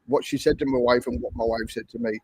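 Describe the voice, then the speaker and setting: Husky older Englishman telling a story. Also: mid-range voice, steady tone, quick pace, dark tone, poor audio. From England. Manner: chatty, repetitive, conversational storyteller. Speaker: livestream host. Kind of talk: casual livestream storytelling.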